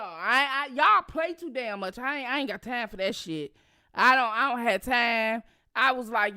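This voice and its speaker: Woman, middle-aged vlog host, high and bright, telling a story full of cursing. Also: normal speed. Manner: animated, profane, laughing storyteller addressing viewers as y'all. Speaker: channel host. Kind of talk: casual storytelling to viewers.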